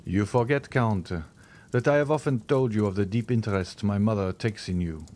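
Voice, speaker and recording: A man's voice: on the low side, normal speed, a little mellow, natural voice. A man reading the part of an earnest, eager young viscount. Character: young viscount, eager and devoted to his mother.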